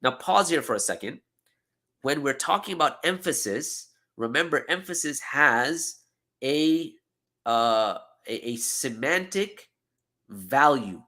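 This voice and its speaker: A man teaches a scripture lesson with a bright, forceful voice. He explains step by step, keeps checking in with his listeners, and repeats key words for emphasis. His pitch sits in a middle range for a man. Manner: explanatory, checks in with frequent "okay?" and "right?"; repeats words for emphasis, self-corrects mid-sentence. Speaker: lecturer. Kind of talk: classroom lecture on scripture.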